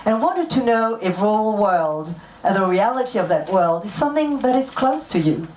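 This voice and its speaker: A woman's voice: medium pitch, sing-song, moderate pace, a little mellow. Woman interviewer, echoey room. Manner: polite, rambling questions. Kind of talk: press Q&A interview. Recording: echoey room with a faint crowd.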